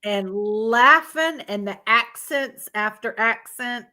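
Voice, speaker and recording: High bright-voiced woman, teasing and laughing. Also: slow pace. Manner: laughing, teasing, swears freely. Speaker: live stream co-host. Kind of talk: casual chat.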